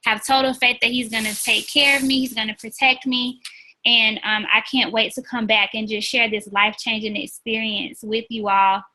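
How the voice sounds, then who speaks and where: A woman's voice: fairly high pitch, fairly even intonation, moderate pace, sharp tone, low-quality recording. A woman leading a team call, giving an earnest, chatty motivational talk with plenty of "um" and "like", calling listeners "y'all". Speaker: team leader on a business team call.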